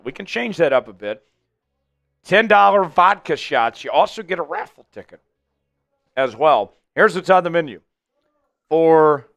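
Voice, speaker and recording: A man hosting a live fan stream of a football game, chatting with viewers and calling plays with excited hype. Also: fairly high pitch, no echo. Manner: excitable, hypes up chat viewers. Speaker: fan livestream host. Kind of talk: live game watch-along chat.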